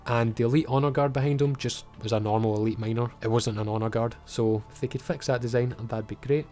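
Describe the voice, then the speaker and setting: A man's voice: medium pitch, steady tone, fast talker, mellow, soft background music. A man with a Scottish accent giving a casual, blunt and sweary recap of a TV episode. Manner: blunt, swears freely, chatty. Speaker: TV show reviewer.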